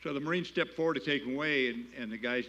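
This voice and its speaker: A man's voice: medium pitch, fast talker, sharp tone, slight background noise, rough recording. An older man giving a keynote speech at a gala, telling a war story in a plain-spoken, folksy way and building to emphatic appeals. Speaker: keynote speaker. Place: gala banquet hall.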